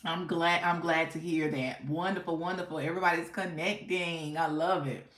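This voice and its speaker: A woman's voice: on the low side, steady tone, moderate pace, a bit bright, roomy sound. A woman hosting a casual live stream, chatting playfully with viewers and laughing often. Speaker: livestream host.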